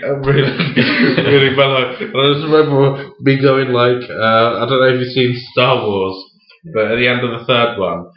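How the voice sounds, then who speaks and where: Young man telling stories in a roomy lo-fi recording. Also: medium pitch. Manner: animated storyteller, acts out scenes with laughing asides. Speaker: podcast co-host. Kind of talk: casual chat. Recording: roomy, dull lo-fi home recording.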